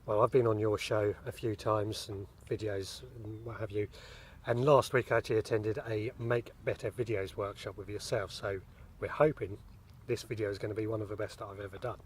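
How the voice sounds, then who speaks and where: A man's voice: lowish voice, fairly even intonation, brisk, hardly any pauses, slight background noise. A man hosting a podcast, chatting in an easygoing, teasing way with a guest on an allotment. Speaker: podcast host. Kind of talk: casual outdoor chat. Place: outdoors on an allotment.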